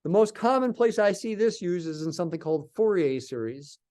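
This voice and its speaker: A man's voice: high-pitched, lively intonation, brisk, darkish tone. A man teaching a live calculus class, thinking aloud and asking and answering his own questions as he goes. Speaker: math lecturer.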